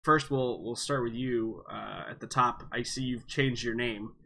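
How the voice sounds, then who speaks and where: A man's voice: medium pitch, measured pace, gravelly, bright, forceful tone, slight background noise. A man with a nasal voice hosting a tabletop game stream as game master, chatty and upbeat with lots of fillers. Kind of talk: casual stream chat.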